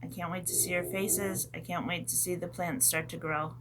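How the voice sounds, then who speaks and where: A woman teacher telling a story to young children in a gentle, animated way, adding sound effects as she goes. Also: lowish voice, moderate pace, background noise.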